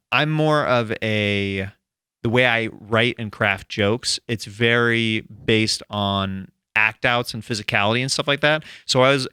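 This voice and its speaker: A man's voice: on the low side, bright, forceful tone, clean tone, no echo, clean studio sound. A man hosting a casual comedy podcast, talking in an enthusiastic, rambling way with many restarts. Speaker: podcast host. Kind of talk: casual chat.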